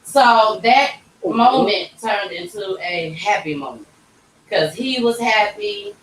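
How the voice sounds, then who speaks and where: A woman vlogger telling a personal story in casual, animated talk, acting out the voices of the people in it, recorded in a tattoo shop. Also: mid-range voice, slow pace, a little hiss or hum. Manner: animated, acts out quoted voices. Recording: roomy, distant mic, faint ambience.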